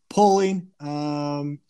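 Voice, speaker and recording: A man's voice: fairly high pitch, smooth, no echo. A man hosting a podcast, upbeat and laughing easily. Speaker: podcast host. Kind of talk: casual chat.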